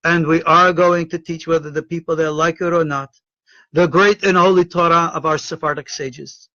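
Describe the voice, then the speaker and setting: A middle-aged American man, a rabbi and Torah teacher, giving an emotional, indignant video address full of halting repetitions. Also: on the high side, fairly even intonation, bright, forceful tone, no room sound, dull audio. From United States.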